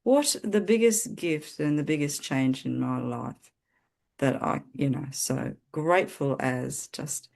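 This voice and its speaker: A woman guest on a podcast, earnestly telling her personal story in a halting way with many restarts. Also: low voice, creaky, a little mellow. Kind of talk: personal testimony in conversation.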